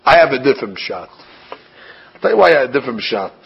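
A man giving an animated sermon, asking rhetorical questions and mixing in Hebrew terms. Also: mid-range voice, quick pace, vocal fry, breathy edge. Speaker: rabbi giving a Torah class. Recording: dull lo-fi recording.

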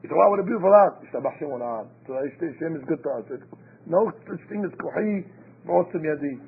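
A man's voice: on the high side, expressive, brisk, husky. A man giving an informal Torah lecture, telling stories and acting out quotes, with Hebrew terms mixed into his English. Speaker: rabbi giving a Torah class. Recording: tinny phone-like line with faint hiss.

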